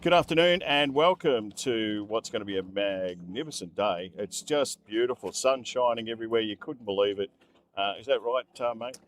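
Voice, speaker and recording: Cheery Australian footy commentator. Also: male voice, on the low side, normal speed, slight background noise. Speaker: match commentator. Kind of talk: live sport commentary. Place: at a rainy football ground.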